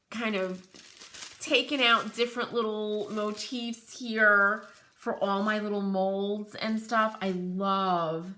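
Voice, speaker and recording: A middle-aged American woman hosts a live crafting stream and talks in an easy, rambling way. Her voice is bright and forward. She keeps stopping to chat with her viewers. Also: medium pitch. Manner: chatty, rambling, reads out viewer comments. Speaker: craft channel host.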